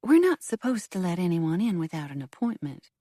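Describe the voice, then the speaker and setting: A woman voicing a nervous young Southern woman who answers the door, with a soft drawl, in an audiobook. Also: fairly low pitch, big pitch swings, fairly quick, no room sound, studio quality. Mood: flustered. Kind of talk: audiobook character voice.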